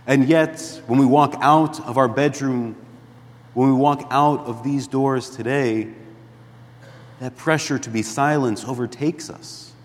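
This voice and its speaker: A man preaching a sermon as a priest in a church, deliberate and emphatic, dropping to a hush at times. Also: medium pitch, steady tone, big-room sound. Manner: slow, deliberate preaching with emphatic rises and hushed drops.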